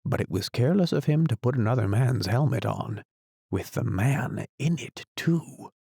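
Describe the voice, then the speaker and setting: A man reading an audiobook, voicing a solemn, muddled male knight who talks gravely and slowly about his inventions. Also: mid-range voice, expressive, mellow, no room sound, studio quality, pitched above the performer's own voice. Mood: grave, musing. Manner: grave, slow, musing. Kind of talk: audiobook character voice.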